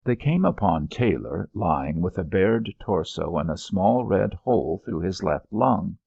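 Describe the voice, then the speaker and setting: A man narrating an audiobook in a measured, expressive storytelling manner. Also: low-pitched, creaky, husky, no echo, lo-fi sound.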